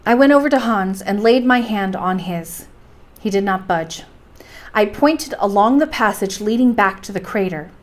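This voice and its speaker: A woman narrating a bedtime story for a library, calm and steady. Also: mid-range voice, normal speed.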